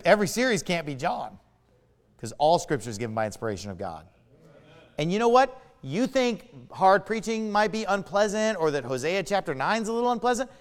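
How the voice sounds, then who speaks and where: A man pastor preaching a sermon with emphatic delivery, drawing out key words and swinging sharply between loud and soft. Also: high-pitched, long reverb tail.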